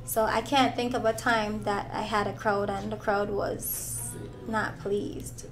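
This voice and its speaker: A woman's voice: medium pitch, little pitch movement, measured pace, soft background music. A woman comedian with a Jamaican accent, answering interview questions in a playful, joking way. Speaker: stand-up comedian.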